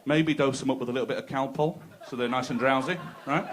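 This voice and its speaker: A man's voice: mid-range voice, steady tone, quick pace, a little hiss or hum. A man doing a crude, conversational stand-up set, teasing the crowd. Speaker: stand-up comedian. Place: comedy club stage.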